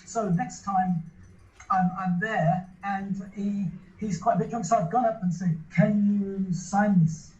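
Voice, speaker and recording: A man's voice: high voice, fairly even intonation, measured pace, darkish tone. A man, interviewed in an echoey room, tells a long story in a loose, rambling way, restarting and repeating his words often. The sound is dull and a little lo-fi. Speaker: interview guest. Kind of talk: casual anecdote telling.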